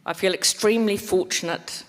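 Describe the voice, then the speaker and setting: Speaker with a heartfelt measured tribute. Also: mid-range voice, steady tone. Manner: heartfelt, measured, with soft pauses. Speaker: former manager giving a tribute. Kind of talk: memorial speech. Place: large events hall. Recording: long hall reverb on a PA.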